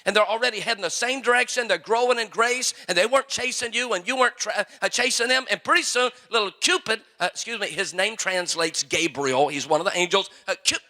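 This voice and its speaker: Bright-voiced joking preacher man. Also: sits high, a little fast, few pauses. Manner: folksy, joking storyteller preaching to young people. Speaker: pastor. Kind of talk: sermon.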